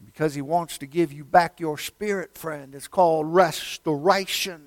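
In this dry recording, a man preaches as a pastor at a moderate pace in a fairly high voice. He shifts from loud, forceful statements to quiet near-whispers, repeats phrases, and calls his listeners "friend."

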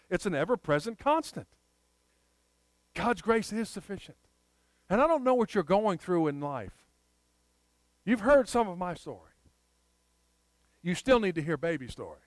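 Guy preaching, acts out the story, smooth clear voice. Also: sits high, normal speed, long pauses, no room sound, low-quality recording. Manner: animated storyteller acting out scenes. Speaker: pastor. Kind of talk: sermon.

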